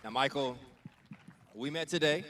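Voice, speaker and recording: Male judge, friendly banter, slightly high voice. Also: a little slow, fairly bright tone, a little hiss or hum. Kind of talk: casual chat.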